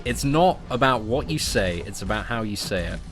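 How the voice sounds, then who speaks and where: Over background music, a gaming streamer, a young English man, talks at a moderate pace in an animated, lowish voice while he plays. He banters and jokes with his viewers in casual live-stream chat, calling them "mate" and "boys."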